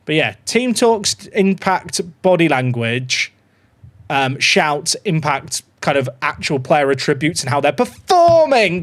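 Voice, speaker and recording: A man live-streaming a football management game, chatting excitedly to his viewers and reacting to every goal. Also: a little high, unhurried. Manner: excitable, chatty, talks to his dog and chat. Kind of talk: live gameplay commentary.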